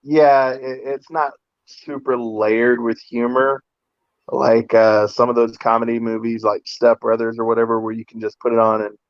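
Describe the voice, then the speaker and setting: A man co-hosting a podcast in casual chat, relaxed and agreeable. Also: medium pitch, no room sound, lo-fi sound. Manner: relaxed, drawn-out, agreeable with frequent "yeah". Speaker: podcast co-host.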